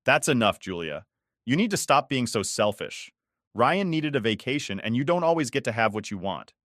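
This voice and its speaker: A man's voice: mid-range voice, sing-song, moderate pace, fairly bright tone, no echo, clean studio sound. A man voicing an annoyed, dismissive middle-aged father who talks in a curt, scolding way.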